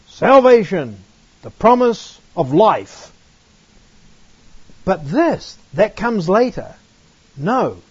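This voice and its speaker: A man's voice: high voice, darkish tone, breathy edge. A man giving a Bible teaching, reading verses aloud and asking emphatic rhetorical questions. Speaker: preacher. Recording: dull dry lo-fi recording.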